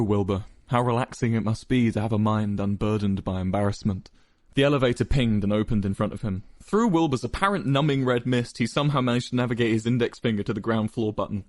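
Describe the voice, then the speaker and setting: A man's voice: medium pitch, a little mellow, dry recording, studio quality. A young man expressively narrating a fan fiction story aloud.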